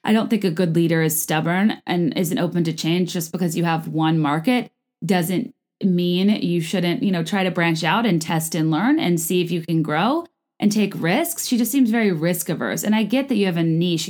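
A woman hosting a podcast in a casual, rambling chat, full of fillers and restarts, her pitch jumping up for emphasis. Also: brisk. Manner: lively jumps in pitch for emphasis. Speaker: podcast host. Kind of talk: casual chat about reality TV.

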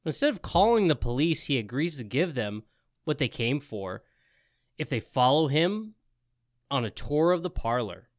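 A man's voice: medium pitch, sing-song, moderate pace, dry recording. A man reads quiz clues and a short plot summary on a podcast, his mid-range voice moving widely as he teases his friend. The recording is close and dry. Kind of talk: casual chat and reading a plot summary.

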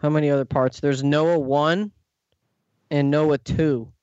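A man's voice: fairly high pitch, steady tone, a little slow, darkish tone, smooth, dry recording, lo-fi sound. A man co-hosting a casual podcast chat with a wry delivery. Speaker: podcast co-host.

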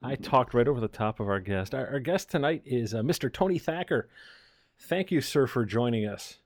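A man's voice: mid-range voice, lively intonation, normal speed, no echo, studio quality. A man hosting a podcast, reading the intro and then ribbing his guest in casual chat. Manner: joking, upbeat. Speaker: podcast host. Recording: podcast with guitar music behind. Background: guitar music in the intro.

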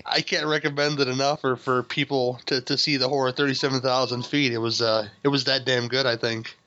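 Bright-voiced laughing podcast host man. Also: mid-range voice, little pitch movement, a little fast. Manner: laughing, swearing, rambling with restarts. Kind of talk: casual movie review chat. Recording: dull lo-fi sound.

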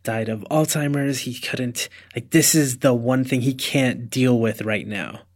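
A man's voice: medium pitch, unhurried. A man co-hosting a podcast, recapping a TV episode emphatically, with frequent restarts. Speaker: podcast co-host. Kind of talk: casual chat recapping a TV episode.

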